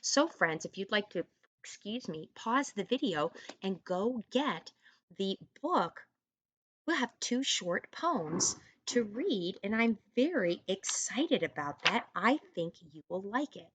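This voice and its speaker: A woman teaching an online first grade reading lesson, encouraging young children and sounding out words slowly. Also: mid-range voice, big pitch swings, a little hiss or hum.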